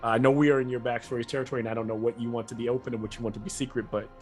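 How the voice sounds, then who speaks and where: A man's voice: mid-range voice, little pitch movement, racing, loud music behind the voice. Rambling male game master. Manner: rambling, self-correcting, casual. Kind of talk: narrating a tabletop game.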